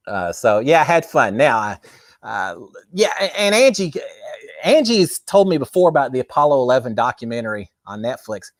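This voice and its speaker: A man's voice: mid-range voice, no room sound, studio quality. A man hosts a casual, chatty livestream. He talks with enthusiasm and plenty of fillers. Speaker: host.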